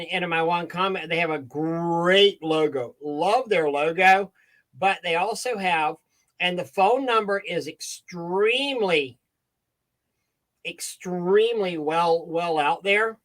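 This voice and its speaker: A man's voice: high-pitched, a little slow, a bit bright. A man co-hosting a casual live video chat, giving frank advice with frequent restarts. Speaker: co-host.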